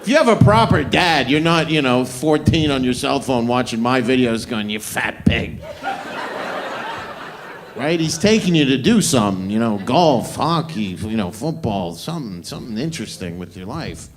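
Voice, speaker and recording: A man's voice: mid-range voice, animated, moderate pace, few pauses. Crude, mocking male stand-up comic. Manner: crude, mocking, swaggering delivery. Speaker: stand-up comedian. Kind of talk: stand-up comedy set. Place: comedy club stage.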